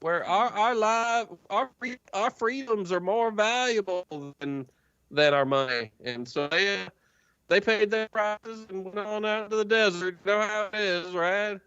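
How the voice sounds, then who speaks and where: A man's voice: high voice, unhurried, fairly bright tone, clean tone, dry recording, dull audio, pitched above the performer's own voice. A man doing a folksy drawling hobgoblin jailer. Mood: chatty.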